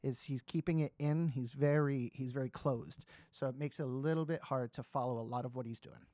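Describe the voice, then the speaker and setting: A man's voice: mid-range voice, steady tone, fairly quick, warm tone. A man reacting to a singing performance as a singing coach, giving candid, analytical commentary that turns blunt and profane.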